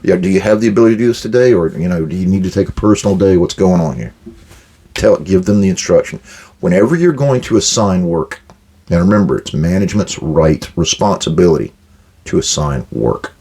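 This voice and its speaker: An older American man with a low, slightly rough, warm voice hosts a management advice podcast at a brisk, animated clip. He's blunt and direct, acting out quoted exchanges with workers.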